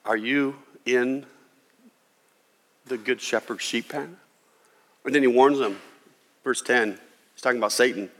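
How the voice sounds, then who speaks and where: Pastor preaching in a reverberant hall. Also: male voice, medium pitch, measured pace, long pauses. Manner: animated preaching with acted voices of Jesus and God. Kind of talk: sermon.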